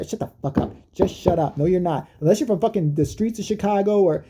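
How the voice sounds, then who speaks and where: A man's voice: fairly high pitch, fast, few pauses, dark tone, slight background noise. A man delivering a rambling, profane comedic rant, mocking as he goes. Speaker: comedic commentator.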